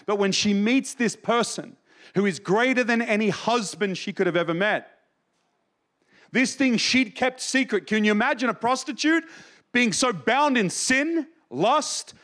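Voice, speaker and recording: A man preaching a sermon with passion, moving between raised, urgent delivery and quiet, hushed storytelling. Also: high-pitched. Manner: impassioned, swings from raised to hushed.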